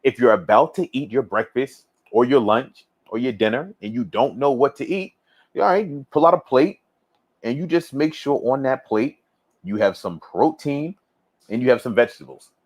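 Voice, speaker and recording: A man hosting a fitness livestream, chatting casually and reading viewer comments aloud, relaxed and rambling, repeating himself and laughing often. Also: medium pitch, moderate pace. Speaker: fitness coach livestream host.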